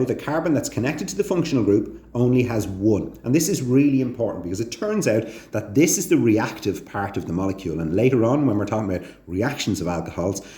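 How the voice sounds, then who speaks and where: Male teacher, low and mellow, chatty with lots of rising check questions; echoey room. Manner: chatty, asks the viewer frequent check questions; rises sharply in pitch on questions. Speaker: chemistry teacher. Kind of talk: casual recorded chemistry lesson.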